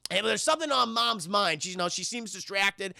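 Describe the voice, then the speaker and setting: A man's voice: high-pitched, animated, fairly quick, creaky, pushed and bright, no echo, clean studio sound. A young man streaming a film review in casual chat, rambling and profane, and often talking to his chat.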